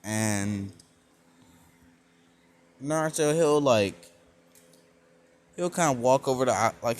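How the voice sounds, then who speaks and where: A man's voice: medium pitch, slight background noise. Young guy rambling through a fan story, lots of likes and you knows, mid voice. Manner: rambling, many fillers and self-corrections. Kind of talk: casual fan-story narration.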